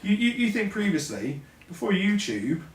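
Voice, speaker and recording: A man's voice: high voice, sing-song, normal speed, a little hiss or hum. A man co-hosting a vlog, chatting candidly with jokes and a few stammered restarts. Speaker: filmmaker and co-host. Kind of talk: casual chat. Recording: roomy echo, distant mic.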